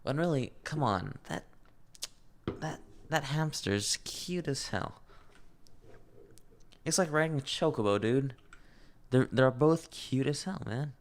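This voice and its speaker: Casual guy reacting to a manga, unhurried and foul-mouthed, easily charmed, medium pitch. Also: animated. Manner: swears often, laughs a lot, gushes over cute things.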